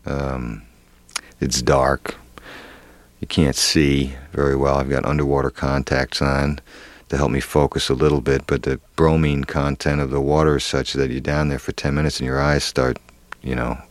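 A middle-aged man with a very low voice recounts a story in an earnest, halting way. He restarts often and leans on fillers. The sound is dry and close. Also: dry recording. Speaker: actor guest. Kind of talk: candid interview storytelling.

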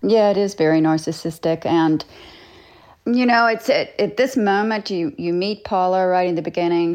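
A woman's voice: low voice, darkish tone. A woman actress as an interview guest, speaking reflectively and thoughtfully about her role. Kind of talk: radio interview.

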